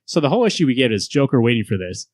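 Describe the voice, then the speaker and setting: A man's voice: medium pitch, sing-song, racing, a little mellow, no room sound. Rambling man hosting a comics chat. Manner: rambling, laughs while retelling scenes. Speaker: podcast host. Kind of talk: casual comic book chat.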